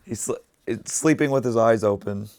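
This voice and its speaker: A man with a sick voice, chatting casually to his livestream while he crafts and thinks out loud. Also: lowish voice, moderate pace, no echo. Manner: rambling, thinking aloud while working. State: sick, rough voice. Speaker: streamer.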